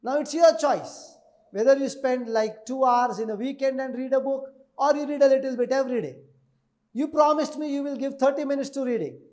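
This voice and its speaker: High-voiced man giving an emphatic webinar talk. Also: darkish tone. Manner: emphatic, repeats key figures, asks for agreement. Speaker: speed reading trainer. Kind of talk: webinar lecture.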